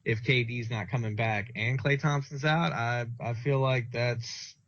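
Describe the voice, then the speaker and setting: A man's voice: medium pitch, fairly even intonation, measured pace, fairly bright tone, no echo. A young man co-hosting a casual podcast, rambling and swearing as he tells a work story and acts out what people said. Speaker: podcast co-host. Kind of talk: casual chat. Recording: dull lo-fi sound.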